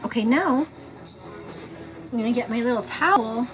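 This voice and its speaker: High, chatty woman livestreamer. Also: expressive, normal speed, long pauses, over music. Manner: chatty, calls viewers "girl" constantly; laughs often, teasing then turning earnest. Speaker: livestream host. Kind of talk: casual chat on a morning get-ready livestream.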